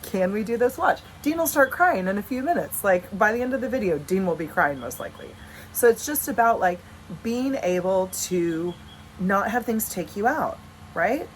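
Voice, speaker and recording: A woman's voice: medium pitch, lively intonation, normal speed, slight background noise, low-quality recording. A woman in her thirties talking frankly and casually to camera at home, swearing now and then. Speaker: vlogger and coach. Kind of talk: casual direct-to-camera vlog. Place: at home with dogs.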